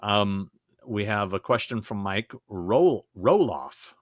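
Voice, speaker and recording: A man co-hosting a podcast, talking casually and haltingly with plenty of fillers and self-deprecating remarks. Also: fairly low pitch, animated, no room sound, studio quality. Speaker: podcast co-host.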